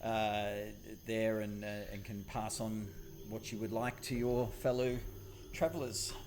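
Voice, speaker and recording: A man narrating as game master, pausing often on fillers. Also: on the low side, monotone, darkish tone, a little hiss or hum. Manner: halting, many filler pauses.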